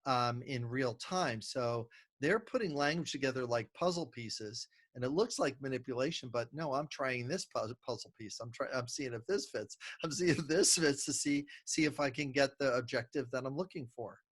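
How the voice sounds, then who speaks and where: A middle-aged man with a medium-pitched, slightly breathy voice speaks at a moderate pace. He's a communication consultant appearing as a podcast guest, explaining ideas conversationally and animatedly acting out little dialogues from his stories.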